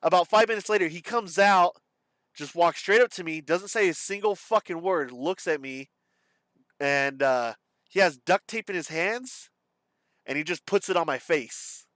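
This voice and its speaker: A man speaks haltingly in a subdued, confessional way, often pausing and trailing off. His voice is smooth and clean, recorded close and dry with no room sound. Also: fairly high pitch, fairly bright tone, no room sound. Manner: halting, hesitant, with many pauses and fillers. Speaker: vlogger. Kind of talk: candid personal storytelling.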